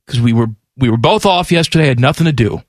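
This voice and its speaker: A middle-aged man hosting a radio sports talk show, joking and animated. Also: medium pitch, quick pace, no room sound, studio quality. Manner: animated, joking, yelling bits. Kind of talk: casual radio banter. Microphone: studio microphone.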